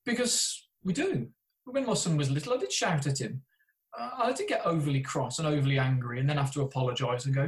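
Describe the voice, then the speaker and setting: A man's voice: a little high, big pitch swings, brisk, rough recording. A middle-aged British man, a therapist and podcaster, telling candid self-deprecating stories in an interview. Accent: British English. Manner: chatty, self-deprecating storyteller with frequent restarts.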